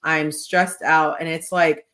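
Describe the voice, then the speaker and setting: Casting: woman podcast host, slightly low voice, lively storyteller who acts out quotes, casual chat. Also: takes it slowly.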